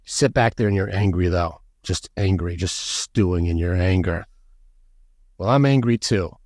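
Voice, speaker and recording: A man coaching on masculinity in a podcast conversation, animated and blunt, acting out quoted voices. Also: low-pitched, normal speed, dry recording, clean studio sound. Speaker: guest, men's coach.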